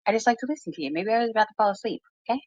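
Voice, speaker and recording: A woman's voice: medium pitch, lively intonation, racing, darkish tone, dry recording, lo-fi sound. A woman guest on a livestream, laid-back and gossipy, swearing freely in casual chat.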